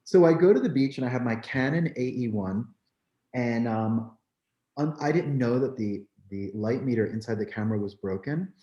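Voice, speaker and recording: A man from New Jersey, a photographer, telling his story in an animated, candid way, peppering his talk with "like" and "you know.". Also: mid-range voice, normal speed, lo-fi sound. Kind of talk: storytelling in a conversation. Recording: roomy echo.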